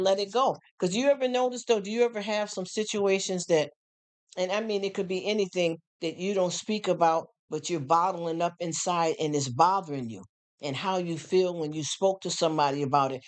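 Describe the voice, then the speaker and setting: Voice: medium pitch, smooth. Middle-aged livestream host: frank, emphatic, talks straight to viewers and repeats key points. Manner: emphatic, frank and repetitive, with rhetorical questions. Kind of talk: casual livestream chat answering viewers. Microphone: streaming setup.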